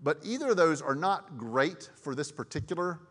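A man preaching a sermon in a relaxed, conversational way, with many fillers and restarts and frequent questions to his audience. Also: on the high side, moderate pace. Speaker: pastor. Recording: long reverb of a large hall.

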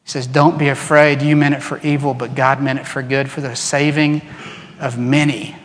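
A man preaching a sermon as pastor, animated, acting out quoted voices and dropping to soft, earnest tones. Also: mid-range voice, normal speed. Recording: long reverb in a large hall.

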